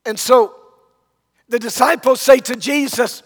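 Man, sermon, very high voice, dramatic storytelling, acts out the characters, long hall reverb. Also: measured pace, pauses often. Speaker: preacher.

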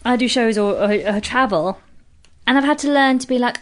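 A British woman in her thirties, a comedian guest in casual podcast chat, animated and swearing freely. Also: a little high, fast. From Britain. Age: 30s. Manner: animated, swears freely, acts out quoted voices.

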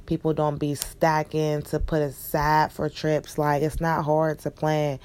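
A woman's voice: low voice, completely flat delivery, measured pace, a little mellow, smooth. A young woman ranting bluntly and profanely in a casual monologue. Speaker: vlogger.

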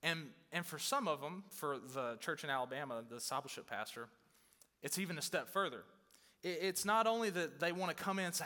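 A man's voice: fairly high pitch, fairly quick, pushed and bright. A young male pastor preaching a sermon in a casual, conversational way, with emphatic bursts and acted-out quotes of churchgoers. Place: church hall. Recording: long hall reverb.

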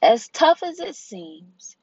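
A woman hosting a podcast, giving an inspirational faith talk in a slow, deliberate, preaching way. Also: high-pitched, big pitch swings, a little mellow, dry recording, highs cut off. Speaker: podcast host.

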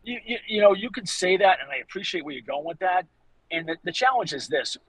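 A man in his fifties with a Boston accent, a fitness coach talking on a podcast, animated and motivational, acting out quoted lines as he tells stories. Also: high voice, fairly quick, breathy edge, no room sound, poor audio. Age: 50s. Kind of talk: casual podcast conversation.

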